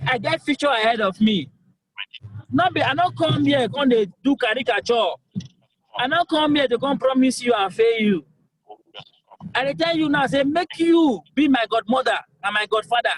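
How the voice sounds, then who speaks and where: High-voiced young Nigerian man pleading earnestly. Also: normal speed, a little hiss or hum, poor audio. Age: young adult. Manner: emphatic, repetitive, pleading. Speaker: governorship aspirant. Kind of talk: campaign call-in interview.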